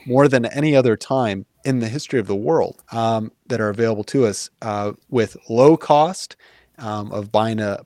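An earnest man talks things through in a relaxed interview, pausing on fillers and restarting his sentences as he thinks. His voice sits in a middle range and sounds dry and close, with little room around it. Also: medium pitch, no echo. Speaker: guest. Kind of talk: casual conversational explaining.

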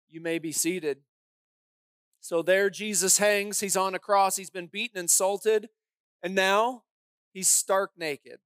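A woman's voice: fairly low pitch, a little slow, no echo. A woman pastor preaching a sermon, telling the story dramatically and emphatically with pointed rhetorical questions.

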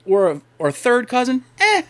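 A man's voice: extremely high pitch, wildly swooping pitch, moderate pace, fairly bright tone. A young man from Delaware co-hosting a podcast, telling long, profane, rambling stories in casual chat. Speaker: podcast co-host.

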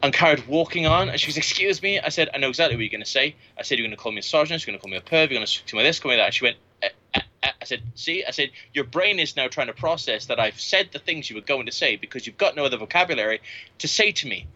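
A man in his thirties rambles through crude, boastful stories on a podcast and swears freely. His voice is very bright and sharp. The recording sounds dull and lo-fi. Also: mid-range voice, lively intonation, racing. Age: 30s. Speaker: podcast guest. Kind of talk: casual storytelling.

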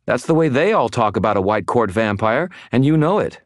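A man voicing a sharp, insistent young woman wizard, lifting his voice well above its usual register. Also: medium pitch, sing-song, normal speed, no room sound, clean studio sound, pitched above the performer's own voice, natural voice. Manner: urgent and insistent.

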